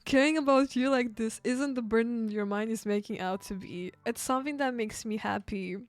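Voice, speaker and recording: A woman's voice: fairly high pitch, normal speed, natural voice. A woman reading the earnest lines of the caring player character in a dating game.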